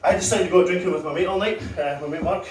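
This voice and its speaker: A young comedian with a slightly high voice tells crude, self-mocking stories at an open mic. His voice carries from the stage through a handheld mic. The recording comes from far back in a boomy club, with room noise around him. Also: racing, reverberant. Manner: self-deprecating, crude storytelling with laughs. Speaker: stand-up comedian. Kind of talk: open-mic stand-up set. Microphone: handheld corded mic, recorded from far.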